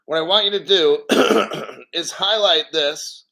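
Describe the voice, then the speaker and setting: A man's voice: a little high, takes it slowly, gravelly, bright, forceful tone. A man hosting a casual crypto livestream, rambling and swearing as he reads out viewer names and chat.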